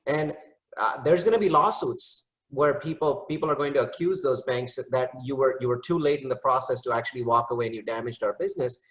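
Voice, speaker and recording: A man, a real estate investor and educator, speaking briskly and telling anecdotes in a panel discussion. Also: mid-range voice, fairly bright tone, low-quality recording. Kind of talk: panel discussion on a video call.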